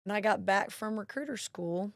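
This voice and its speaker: A woman's voice: mid-range voice, moderate pace, no room sound, clean studio sound. A woman, a National Guard marketing director telling stories as an interview guest. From Mississippi. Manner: chatty storyteller, acts out quoted voices. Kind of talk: casual interview chat.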